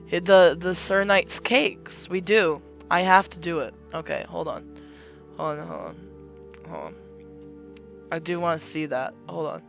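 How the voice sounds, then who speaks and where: A woman's voice: on the low side, fairly bright tone. A woman doing let's play commentary in a playful, dramatic way, full of over-the-top pleading. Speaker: gamer.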